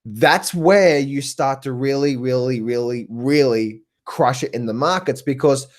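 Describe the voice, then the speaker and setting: An Australian man hosting a live stream as a trading coach. He is eager and repeats himself a lot, laughing and breaking off to answer viewers by name. His voice sits at an ordinary middle pitch for a man. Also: a little slow. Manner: excitable, repetitive, laughs often, chats with viewers by name.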